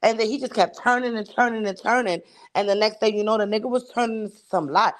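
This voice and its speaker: A woman's voice: medium pitch, quick pace. A woman with a mid-range voice tells a long story on a casual chat show. She swears constantly and talks with emphasis, acting out both sides of the dialogue. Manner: profane and emphatic, acts out quoted dialogue. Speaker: podcast co-host.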